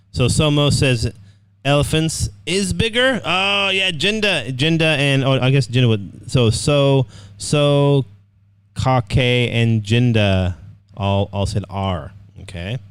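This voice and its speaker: A man's voice: mid-range voice, clean tone, no echo. A man teaching an online English writing class, upbeat, repeating words and often checking in with "okay".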